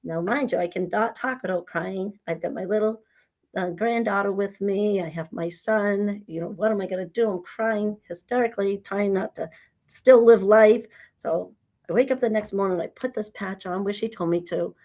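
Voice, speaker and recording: A middle-aged woman from New telling her personal story as a guest, acting out past conversations in an animated way. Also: medium pitch, normal speed.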